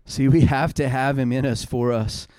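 A man's voice: medium pitch, fairly even intonation, normal speed, darkish tone, dry recording, studio quality. A man in his thirties preaching a sermon, earnest and conversational, building to fervent passages. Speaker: pastor.

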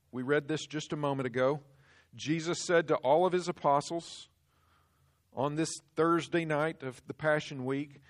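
Emphatic preacher, a man with raised pitch. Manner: emphatic, swings from hushed to loud. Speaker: pastor. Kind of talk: sermon.

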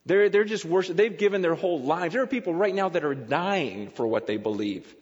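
A man's voice: a little high, expressive, fairly quick. A male pastor giving a sermon in a conversational, emphatic way, repeating phrases for stress. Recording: dull lo-fi recording in a long-reverb hall.

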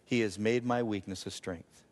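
A man preaching a sermon as a pastor, voice climbing high for emphasis, laughing at himself now and then. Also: steady tone, normal speed. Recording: long reverb of a large hall.

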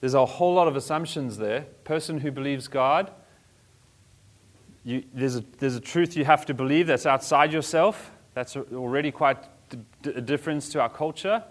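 A pastor preaching with a relaxed, conversational delivery, full of everyday slang. His voice sits at a middle pitch, neither deep nor high, and he sounds like he is chatting rather than orating. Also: normal speed. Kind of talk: sermon.

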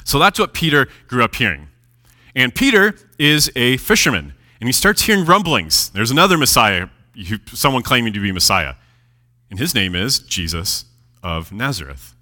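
A man's voice: medium pitch, sing-song, moderate pace, bright, forceful tone. A man preaching a sermon as a chatty, casual story, animating it and laughing at his own jokes.

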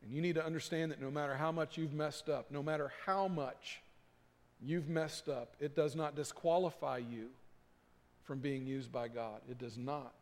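A man preaching a sermon as pastor, swelling from hushed, slow lines to emphatic, rising calls. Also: on the high side, fairly even intonation, long reverb tail.

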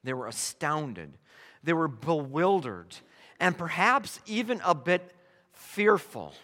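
A man preaching a sermon with a bright, forceful voice and a lively, swooping delivery. He speaks slowly and deliberately, sinking to hushed tones and then rising to emphatic declarations. The sound rings out with a long hall reverb. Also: fairly high pitch. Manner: animated, emphatic preaching with hushed mock whispers and sudden loud shouts.

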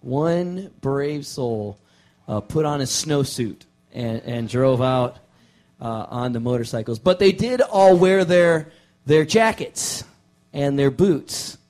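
A man, a pastor, preaching a casual sermon to his church, relaxed and joking, with many fillers and restarts. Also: medium pitch, slow. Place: church sanctuary.

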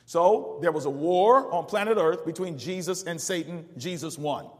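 A male pastor preaching a call-and-response sermon, reading verses aloud and pausing for the congregation to fill in the words. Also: fairly high pitch, animated, in a large hall. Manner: preaches with rising call-outs and asks the congregation to finish verses.

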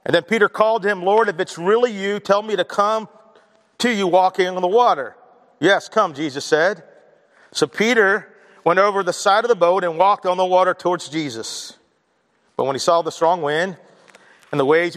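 In a church sanctuary, a male pastor with a high, fairly bright voice preaches to his congregation at normal speed, the sound trailing into long reverb. He blends scripture readings with chatty asides before leading a prayer.

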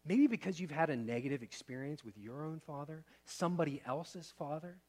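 A man in his thirties, a pastor preaching a sermon in a conversational way, asking the room questions and shifting between loud and soft. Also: a little high, lively intonation, a little fast.

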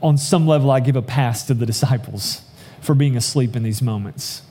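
A man delivers an earnest sermon in a warm, mellow voice of middling pitch. He reads scripture aloud and explains it, slowing down to stress the key lines. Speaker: pastor.

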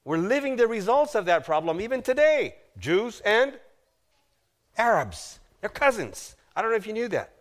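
A male pastor preaching a sermon, retelling a story with drama, asking the audience questions and dropping to a hushed voice at grave moments. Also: sits high, big pitch swings, moderate pace. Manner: dramatic, acts out the figures in quoted lines, asks the audience questions.

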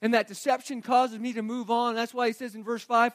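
A man with a strikingly high voice delivers a sermon, moving between hushed scripture reading and emphatic, rising appeals. The sound is close and dry, with no room around it. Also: little pitch movement, a little fast, dry recording. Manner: earnest preaching, swings from quiet reading to emphatic rising delivery. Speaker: pastor.

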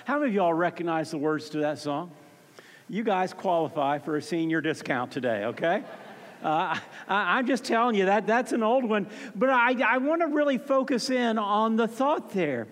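High-pitched pastor guy preaching, swings loud then soft, kinda echoey hall. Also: lively intonation, moderate pace. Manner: emphatic, rising to fervent peaks then dropping soft and low; repeats words when starting phrases. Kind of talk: sermon. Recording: long hall reverb.

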